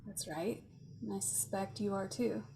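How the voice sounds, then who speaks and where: A woman's voice: mid-range voice, normal speed, vocal fry, noisy background, natural voice. A woman voicing a wary female elf adventurer who persuades earnestly and cautiously. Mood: persuasive.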